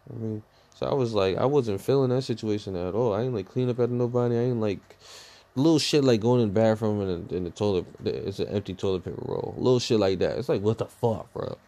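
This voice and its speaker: A young man telling a personal story in a rambling, profane, animated way, full of fillers. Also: lowish voice, fairly quick. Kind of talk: casual storytime rant.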